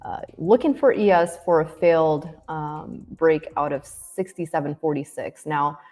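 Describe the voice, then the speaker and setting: A woman co-hosting a live trading stream, chatty and quick to laugh, thinking aloud with fillers. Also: low-pitched, darkish tone. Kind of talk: casual live-stream chat about futures trading.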